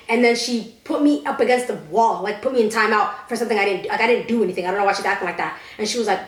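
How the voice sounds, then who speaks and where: A woman's voice: medium pitch, very fast, few pauses, echoey room. A young woman co-hosting a casual podcast, telling blunt stories and swearing freely. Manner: blunt storytelling, frequent swearing. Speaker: podcast co-host. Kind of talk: casual chat.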